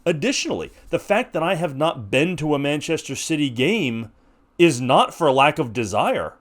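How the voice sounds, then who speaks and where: A man's voice: on the high side, sing-song, moderate pace. An American man in his forties, hosting a podcast and making an impassioned, rhetorical argument with frequent restarts. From United States. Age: 40s. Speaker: podcast host. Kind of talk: opinionated monologue.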